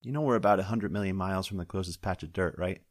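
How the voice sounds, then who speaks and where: A man's voice: low voice, fast talker, no echo. A man playing a grumpy, weary sheriff. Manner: dry, grumpy. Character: gruff, weary middle-aged sheriff.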